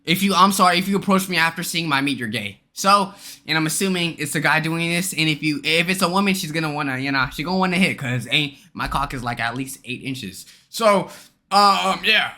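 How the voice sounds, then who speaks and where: A man's voice: fairly high pitch, brisk, sharp tone. A man reacting to stories on a stream, joking around in slangy, crude asides. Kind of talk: casual reaction commentary.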